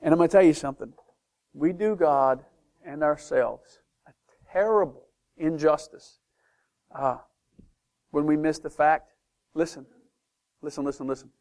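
Male preacher delivering a sermon, somewhat high pitch, animated with sudden quiet passages. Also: unhurried, pauses often. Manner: animated, swings from loud to hushed, acts out doubters' voices.

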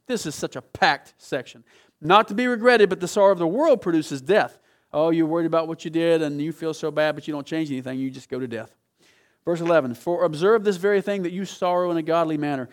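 Male pastor, dynamic sermon delivery, somewhat high-pitched, church setting. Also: fairly quick. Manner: dynamic preaching, swings from quiet to loud emphatic reading.

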